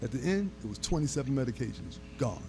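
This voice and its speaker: A man's voice: mid-range voice, big pitch swings, quick pace, warm tone, soft background music. A man who is a guest on a talk show, explaining his holistic health approach and checking in with "okay?" after each point.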